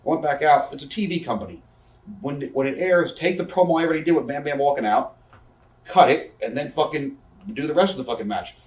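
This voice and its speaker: A man in his thirties, guesting in a casual shoot interview, tells profane stories fast and acts out other people's words. His voice is a little high, animated and darkish. He's far from the mic, in a room with echo.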